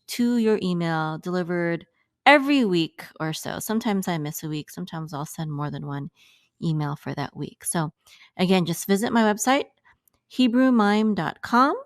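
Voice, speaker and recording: A woman's voice: mid-range voice, no echo, studio quality. A woman teacher chatting through an outro about her lessons, thinking aloud as she goes. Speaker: teacher promoting her website. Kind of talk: casual outro announcement.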